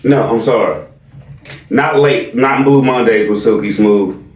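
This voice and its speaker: A man's voice: mid-range voice, measured pace, distant mic, slight background noise. A man hosting a casual commentary chat, teasing and slangy as he reacts to viewer comments. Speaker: channel host. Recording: echoey room, off mic.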